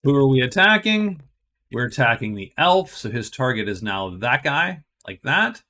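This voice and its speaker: A man's voice: mid-range voice, very animated, moderate pace, sharp tone. A man narrating a solo board game playthrough, thinking aloud and explaining each move step by step.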